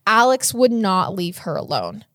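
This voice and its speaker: A woman's voice: medium pitch, unhurried, dry recording, clean studio sound. Chatty woman telling a true-crime story. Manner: chatty, animated, frequent "like". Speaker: podcast co-host.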